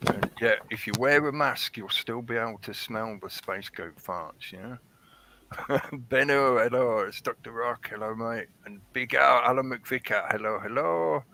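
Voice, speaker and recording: A man's voice: mid-range voice, gravelly, pushed and bright. A man hosting a casual livestream, chatting in a rambling way and greeting viewers in the chat by name. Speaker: livestream host. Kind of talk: casual live-stream chat.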